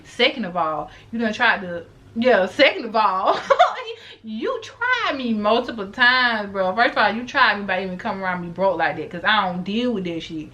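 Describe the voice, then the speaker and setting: A woman in her late twenties telling a story straight to her viewers, animated and blunt, swearing freely and repeating lines for emphasis. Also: medium pitch, moderate pace. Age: late 20s. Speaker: vlogger. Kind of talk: casual story time monologue.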